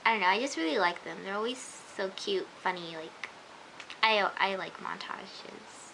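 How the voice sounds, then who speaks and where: Gushing chatty young woman, bright voice. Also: mid-range voice, moderate pace, gravelly, low-quality recording. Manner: gushing, chatty, many "like" and "oh my gosh". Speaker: vlogger. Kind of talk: casual TV episode review. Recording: faint hiss.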